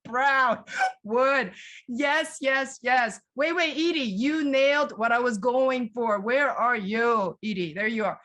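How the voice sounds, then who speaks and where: On a muffled recording, a woman with a fairly high voice speaks slowly as she hosts a live museum tour over video call. She's lively, quizzing her viewers and reading out what they answer.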